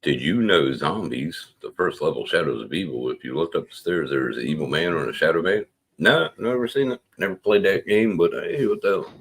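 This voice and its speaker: A man's voice: deep voice, lively intonation, fairly quick, a bit bright, breathy edge. A man chatting crudely and bluntly on a live stream. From Australia. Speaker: stream guest. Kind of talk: casual chat.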